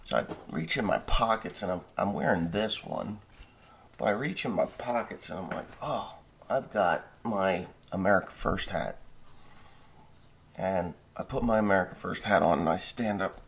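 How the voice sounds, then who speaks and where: Man, deep voice, gravelly, rambling, profane, casual storytelling farmer vlogger. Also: normal speed, slight background noise. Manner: rambling, profane, self-interrupting.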